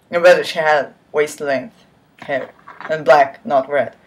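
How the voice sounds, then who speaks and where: Slow-reading sarcastic woman mocking a story. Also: sits low, fairly even intonation, a little hiss or hum. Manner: sarcastic asides between read lines; swears and laughs at the text. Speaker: reader of fan fiction.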